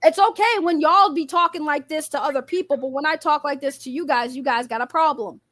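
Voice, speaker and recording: High-voiced woman ranting bluntly. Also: brisk, a bit bright, dry recording. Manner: blunt, profane, mocking, laughs between jabs. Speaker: streamer calling out critics. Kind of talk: casual rant.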